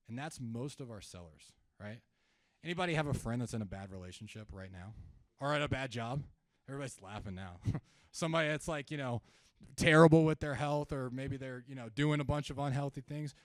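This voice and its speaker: A man's voice: mid-range voice, fairly quick, no room sound, studio quality. Conversational man coaching a live audience. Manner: conversational, asks the audience questions, acts out seller calls. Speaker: sales trainer speaking at an event. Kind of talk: live seminar talk.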